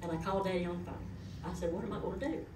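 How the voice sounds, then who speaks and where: Over a noisy background, a middle-aged woman races through a folksy, story-filled eulogy for the parent she has lost. Her voice is lowish and sounds distant, echoing around a hall.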